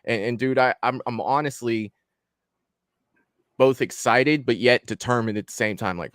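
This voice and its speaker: A young man hosting a casual live-stream chat, excited and rambling, swearing freely as he talks. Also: medium pitch, normal speed, long pauses, clean tone, dry recording, studio quality. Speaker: host.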